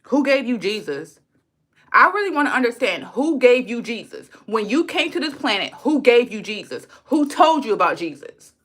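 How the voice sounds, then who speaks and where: A woman's voice: fairly high pitch, big pitch swings, normal speed, a bit bright. A woman on a livestream talking straight to her chat. She is blunt, heated and profane, and she repeats her lines for emphasis. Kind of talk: unscripted livestream rant.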